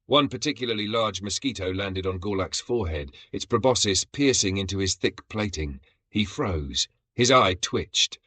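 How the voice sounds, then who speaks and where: A man's voice: fairly low pitch, lively intonation, normal speed, few pauses, bright, forceful tone, breathy edge, dry recording. A man narrating a sci-fi comedy story in a dramatic storytelling manner.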